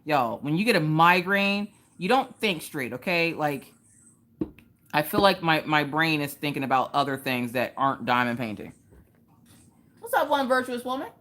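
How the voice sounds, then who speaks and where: Woman, 30s, livestream craft host; lower voice, chatty storyteller. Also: very animated, moderate pace, fairly bright tone. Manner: chatty, storytelling, joking asides to chat. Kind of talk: casual chat while diamond painting.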